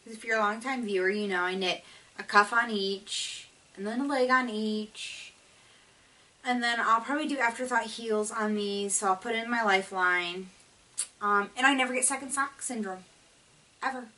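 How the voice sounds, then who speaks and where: A woman's voice: on the high side, moderate pace, bright, forceful tone, recorded from a distance, rough recording. A woman hosting a knitting video podcast, talking in a chatty, rambling way with lots of fillers. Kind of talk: casual chat.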